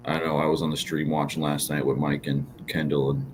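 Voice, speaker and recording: A man with a very deep voice co-hosts a laid-back fantasy football chat. He rambles a little, cracks dry jokes and fills pauses with ums. Faint music plays in the background. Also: rough recording. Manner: relaxed, joking, lots of fillers. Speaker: podcast co-host. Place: podcast studio.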